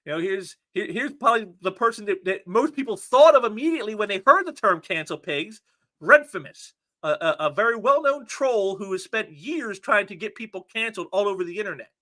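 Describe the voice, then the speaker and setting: A man's voice: high-pitched, expressive, a little fast, bright, forceful tone. A man hosting a casual commentary show, reading out online posts and mocking them sarcastically, often repeating his words. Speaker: commentary channel host.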